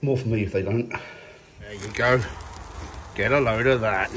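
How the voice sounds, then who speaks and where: A man's voice: on the low side, normal speed, noisy background. Jokey man chatting in his garden. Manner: jokey, self-mocking, chatty. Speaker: vlogger. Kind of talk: casual family vlog chat. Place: garden outdoors.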